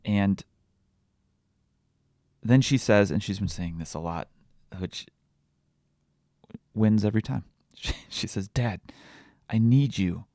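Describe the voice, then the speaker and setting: A man in his thirties hosting a parenting podcast, talking candidly in a halting, reflective way with many fillers and restarts. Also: fairly low pitch, dry recording, clean studio sound. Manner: quietly emotional, reflective. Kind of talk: confessional solo podcast monologue.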